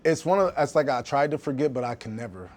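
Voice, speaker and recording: A man, a professional fighter, telling a story in a casual interview, animated and acting out quoted voices with frequent restarts. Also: mid-range voice, fast.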